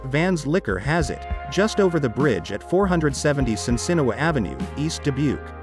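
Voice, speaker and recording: A man reading a scripted radio ad in an upbeat, salesy pitch. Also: big pitch swings, a little fast. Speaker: ad announcer. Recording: music bed under the voice.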